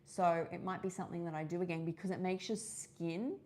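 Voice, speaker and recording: A woman with an Australian accent chats her way through a live session. She rambles and restarts, filling gaps with ums and uhs. Her voice sits a little low for a woman. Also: a little fast, darkish tone, slight background noise. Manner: rambling, chatty, many fillers and restarts. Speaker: host of a live wellness session. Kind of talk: casual live-stream chat.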